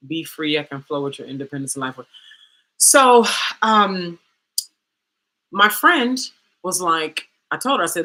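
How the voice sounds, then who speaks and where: A woman coach telling a candid personal story, animated and dramatic, with slangy asides like "girl" and "baby". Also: fairly low pitch, unhurried, pauses often. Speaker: coach and host.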